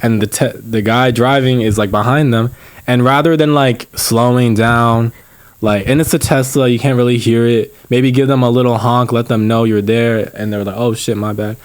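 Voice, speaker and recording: A man's voice: mid-range voice, normal speed, clear, resonant tone, no echo. Young man telling a story, swearing casually. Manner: animated storytelling, lots of swearing and "like". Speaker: podcast co-host. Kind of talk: casual chat.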